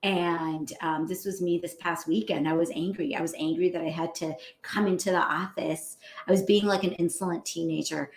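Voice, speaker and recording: A woman physician hosting a show, giving a casual motivational talk in a lively, chatty way and laughing often. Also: on the low side, normal speed, hardly any pauses, a little hiss or hum. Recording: roomy echo.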